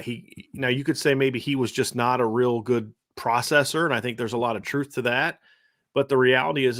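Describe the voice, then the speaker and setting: A man's voice: mid-range voice, a bit bright, dry recording, studio quality. A man hosting a football podcast, giving blunt, opinionated analysis in casual chat with frequent restarts.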